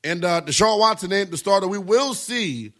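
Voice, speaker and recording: A man's voice: high-pitched, expressive, normal speed, a bit bright. A man hosting a sports talk radio show, giving brash, emphatic opinions and taking calls.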